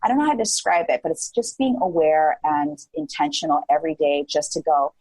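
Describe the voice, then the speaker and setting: Forties woman chatting on a podcast, kinda husky and breathy, lower voice, lots of "like", super animated. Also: fairly quick, no echo, rough recording. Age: 40s. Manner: animated, chatty, many "like" fillers, acts out her own past thoughts. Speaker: podcast guest. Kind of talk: casual interview chat.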